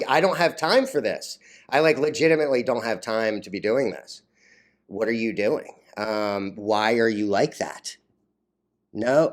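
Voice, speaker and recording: A man's voice: mid-range voice, lively intonation, moderate pace. A man vlogging about stocks in a crude, rambling casual rant, full of "like" fillers, laughing at his own jokes and getting easily flustered.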